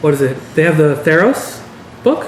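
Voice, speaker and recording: A man's voice: fairly high pitch, big pitch swings, normal speed. Eager man explaining, roomy sound. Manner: explains eagerly, corrects with confidence. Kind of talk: casual chat. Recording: roomy with faint noise.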